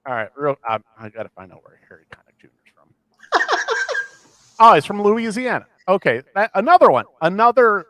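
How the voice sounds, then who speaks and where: A man's voice: sits high, a little fast, long pauses. A man from the American Midwest co-hosting a podcast, rambling casually and poking fun at himself. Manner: rambling, self-deprecating, animated. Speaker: podcast co-host. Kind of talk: casual chat.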